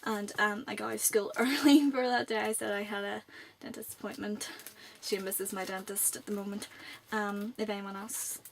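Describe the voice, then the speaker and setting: A woman's voice: medium pitch, fairly even intonation, moderate pace, gravelly, hardly any pauses, a little hiss or hum. A young woman in her late teens with a Northern Irish accent, chatting to camera in a rambling vlog. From Northern Ireland. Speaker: vlogger. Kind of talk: casual chat to camera.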